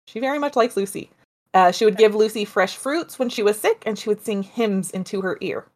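A woman's voice: medium pitch, brisk. A woman co-hosting a podcast, casually retelling a ghost legend with chatty asides. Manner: chatty, animated, with asides and laughs. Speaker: podcast co-host telling a story. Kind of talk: casual storytelling chat.

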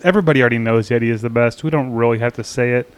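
A man co-hosting a casual podcast, chatting about beer with quick, enthusiastic, loosely profane talk. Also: mid-range voice, a little hiss or hum. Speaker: podcast co-host. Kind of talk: casual chat, beer review.

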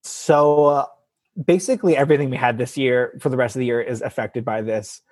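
A man with a husky voice, a guest telling an animated story in casual chat and acting out the quotes. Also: medium pitch, fairly quick, dry recording.

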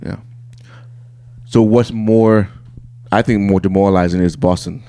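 A young man co-hosting a podcast, chatting excitedly about sports and talking in quick bursts. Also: fairly low pitch, no echo. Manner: excited, fast bursts, talks over his partner. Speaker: podcast co-host. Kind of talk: casual sports chat.

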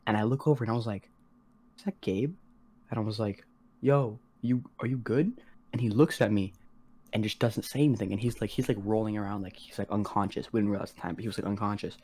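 Slangy low-voiced teenage guy. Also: steady tone, racing, a little mellow. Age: teens. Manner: slangy, rambling, heavy on "like" and swearing; acts out quoted voices of others. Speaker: podcast co-host. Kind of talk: casual storytelling.

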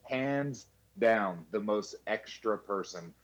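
A podcast co-host with a fairly low voice, lively intonation, and a slow pace chats casually, telling stories and swearing freely. He imitates others by raising his voice and laughs mid-story. There's slight background noise.

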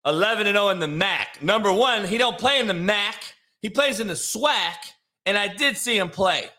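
Guy hosting his own live stream, kinda high bright voice, rambly and then cussing out the chat. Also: animated, normal speed. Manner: profane, confrontational ranting at chat; loose, rambling with fillers. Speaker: live show host. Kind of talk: casual live-stream talk.

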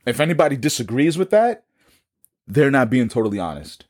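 A man's voice: mid-range voice, big pitch swings, a little fast, a little mellow. A man with a New York accent telling his own story in a casual podcast conversation, acting out the dialogue and repeating words as he goes.

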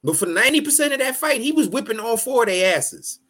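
An animated man in casual podcast chat, his pitch swinging widely from low to high. He swears freely, laughs often and slips into acted-out quotes. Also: fast talker.

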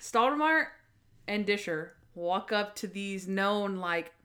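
A young woman in casual podcast chat, animatedly retelling TV scenes and acting out quotes. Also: slow pace. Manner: animated, acts out quotes with big pitch jumps. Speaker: podcast co-host. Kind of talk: casual chat recapping a TV show.

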